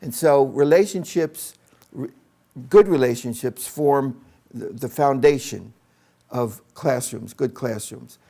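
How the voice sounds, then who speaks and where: Older male educator, gravelly voice, relaxed anecdotal storyteller. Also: mid-range voice, slow. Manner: anecdotal, with acted-out quotes. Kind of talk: personal storytelling to camera.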